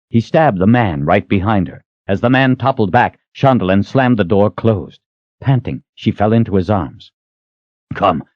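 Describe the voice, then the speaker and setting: A man narrating a fantasy audiobook in a steady, expressive read, on a dull lo-fi recording. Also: no room sound. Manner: steady, expressive reading with lively pitch.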